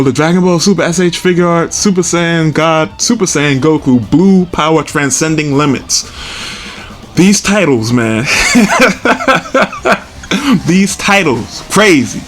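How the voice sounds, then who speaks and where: A man's voice: a little high, animated, a little slow, a bit bright, soft background music. A man hosting a casual collecting video, chatty and self-amused, chuckling often as he talks through prices. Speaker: toy collector video host. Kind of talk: casual product walkthrough.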